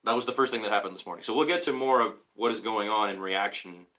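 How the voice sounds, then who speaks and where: A man's voice: lowish voice, pushed and bright, rough recording. A man hosting his own small show, reading a newspaper article aloud and breaking off to comment, with hesitant fillers and restarts. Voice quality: halting, with frequent fillers and restarts. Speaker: host.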